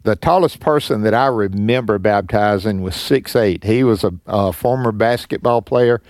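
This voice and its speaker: Low-voiced pastor co-hosting radio. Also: male voice, no room sound, studio quality. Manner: warm pastoral, halting restarts. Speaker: co-host of a Bible call-in radio show. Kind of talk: call-in radio Bible talk.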